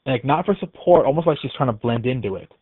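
A man's voice: medium pitch, expressive, fast, breathy edge, no room sound. A man who works at a care facility, telling a ghost story in a casual, rambling and hesitant way. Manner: rambling and hesitant, with many restarts. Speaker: care facility staff member. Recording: tinny phone-like recording, dry.

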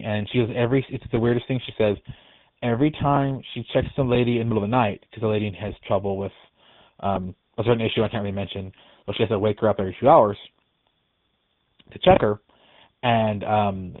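Man, low voice, care home worker, rambling hesitant ghost story, dry tinny phone-like sound. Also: no room sound. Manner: rambling and hesitant, with many restarts. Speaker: care facility staff member. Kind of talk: casual spoken ghost story.

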